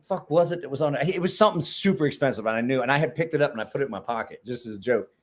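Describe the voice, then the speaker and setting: A man's voice: medium pitch, animated, rapid-fire. Swearing, laughing man telling stories. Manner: answers viewer chat off the cuff. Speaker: host of a knife live stream. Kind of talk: casual storytelling on a live stream.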